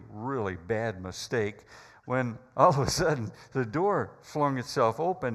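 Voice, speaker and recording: A man's voice: lowish voice, long reverb tail. A man preaching a sermon, telling a story dramatically with hesitant fillers.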